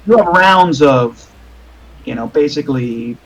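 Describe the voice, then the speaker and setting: A man's voice: on the high side, animated, measured pace, slight background noise, poor audio. A man narrating as game master of a tabletop game over a voice call, rambling with many fillers and restarts.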